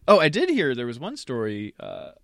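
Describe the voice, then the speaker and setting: A man's voice: mid-range voice, huge pitch swings, normal speed, a bit bright. Hesitant man chatting on a podcast. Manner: hesitant, many fillers. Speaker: podcast co-host. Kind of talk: casual chat.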